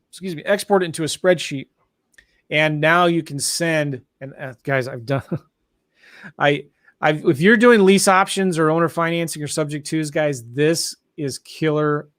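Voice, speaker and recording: A man hosting a live online tutorial, talking excitedly and addressing viewers directly as guys. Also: fairly high pitch, no room sound, studio quality. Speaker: show host. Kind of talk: enthusiastic live tutorial chat.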